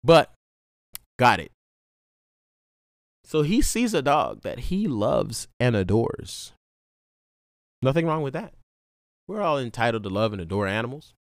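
A man's voice: mid-range voice, sing-song, unhurried, pauses often, no room sound, clean studio sound. A man telling a rambling story in a laid-back casual monologue, full of slang and restarts. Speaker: vlogger.

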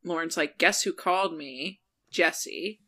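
A woman co-hosting a podcast, casually recapping a TV episode, quickly retelling scenes and quoting the characters' lines, laughing often. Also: low voice, pushed and bright. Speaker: podcast co-host.

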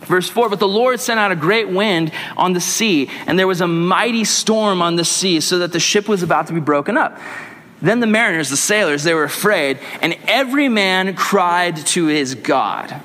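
A young adult man, a youth pastor, reading scripture aloud and teaching a group in an energetic, joking, slangy way. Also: high voice. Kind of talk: casual Bible teaching to a group. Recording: long echo of a large hall.

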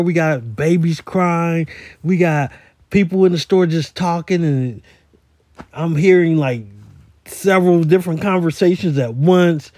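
A man's voice: a little high, a little slow, darkish tone, no room sound. A man who works in a store, telling a rambling story in a casual voice message, with many repeated words. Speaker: retail store worker.

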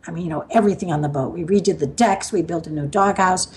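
A woman's voice: fairly low pitch, quick pace, darkish tone, low-quality recording. An older woman from the US Midwest, a podcast guest telling stories in a loose, rambling way, with frequent laughs and fillers. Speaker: guest sailor. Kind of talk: storytelling in a casual interview.

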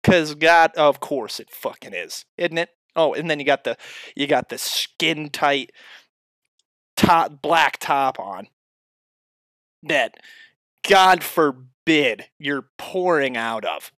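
Man ranting comedically, cursing a lot, slightly high voice, dry sound, loud bursts then mumbles. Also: slow, dry recording. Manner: swings between loud outbursts and muttering asides; heavy swearing, addresses the listener directly. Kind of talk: profane comedic rant.

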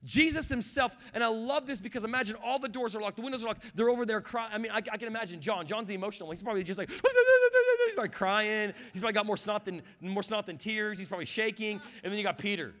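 Male guest pastor with a high voice, a fervent preaching style, and a conversational delivery. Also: very fast, few pauses. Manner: passionate preaching that builds to shouts; conversational, with repeated words and restarts. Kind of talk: sermon.

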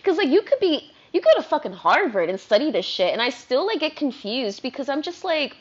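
Rambling woman vlogger, lively pitch. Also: fairly quick. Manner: rambling, animated, heavy use of "like". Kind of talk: casual rant to camera. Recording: dull lo-fi recording.

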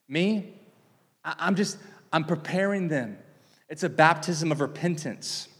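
A man's voice: a little high, a little slow, long pauses, big-room sound. A man preaching a sermon, teaching with big swings in volume and emphasis. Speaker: pastor.

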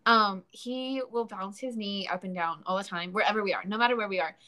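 A woman's voice: medium pitch, fairly quick, pushed and bright. A woman in casual podcast chat, hesitant and full of fillers. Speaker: podcast co-guest.

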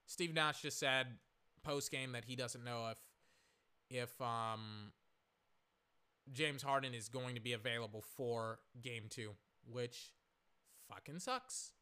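Young man, hoarse, sharp tense tone, casual live game commentary, rambling, lots of fillers and swearing. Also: medium pitch, takes it slowly.

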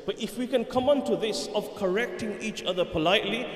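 A man preaching a sermon, telling a story with animated swings between loud and hushed. His voice sits a little high for a man. A long hall reverb hangs around each phrase. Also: brisk. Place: mosque hall. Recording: echoey hall.

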